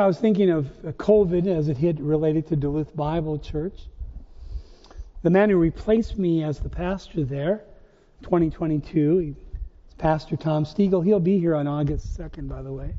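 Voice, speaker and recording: A man preaches a sermon with a high-pitched, mellow voice, pressing his listeners with question after question. The recording is muffled and lo-fi, with a long reverb tail from a church sanctuary. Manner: preaching with rhetorical questions and emphatic rises. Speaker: pastor.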